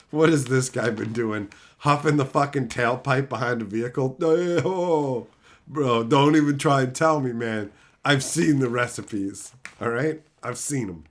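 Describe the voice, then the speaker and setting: A middle-aged man ranting sarcastically at his live chat in casual, profane talk, breaking into loud mocking outbursts. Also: mid-range voice. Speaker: streamer reading live chat.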